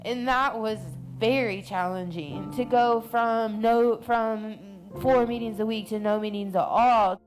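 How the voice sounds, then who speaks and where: A woman's voice: a little high, fairly even intonation, a little slow, few pauses, soft background music. A woman who works as a peer coach in recovery speaks candidly and personally in a documentary interview.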